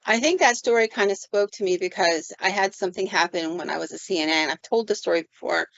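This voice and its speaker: This podcast host talks fast in a low, creaky, slightly bright voice, with the highs cut off. She recounts a paranormal experience from her job conversationally, acting out each character's voice.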